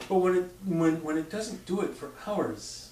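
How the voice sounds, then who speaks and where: A man's voice: sits high, normal speed, darkish tone, slight background noise. A man telling stories in casual chat. He swears freely and acts out sounds and quotes. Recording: roomy sound from a distant mic.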